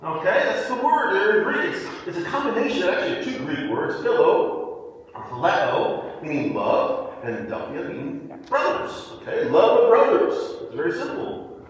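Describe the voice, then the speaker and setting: Animated preacher in an echoey hall. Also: male voice, sits high, normal speed, dull audio, a little hiss or hum. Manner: animated teaching with frequent restarts and repeated words. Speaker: pastor. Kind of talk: sermon. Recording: echoey hall, voice from far off the mic.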